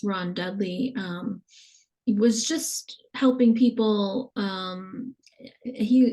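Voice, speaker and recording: A woman hosting a podcast, asking her guest questions in a hesitant way with many pauses and fillers. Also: mid-range voice, a little mellow. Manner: hesitant, lots of ums. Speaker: podcast host. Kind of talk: interview questions.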